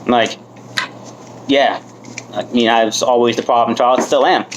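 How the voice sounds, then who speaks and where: A man's voice: mid-range voice, fairly even intonation, measured pace, slight background noise, poor audio. Candid, self-mocking man in his thirties. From United States. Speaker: speaker sharing his story at a recovery meeting. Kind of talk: personal testimony.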